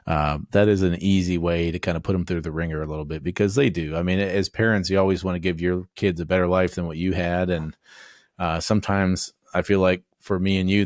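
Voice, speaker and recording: Sports podcast co-host, forties, very deep voice, dry close sound, self-deprecating humor. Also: male voice, fairly even intonation, fast talker, a little mellow, no echo. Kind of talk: casual sports chat.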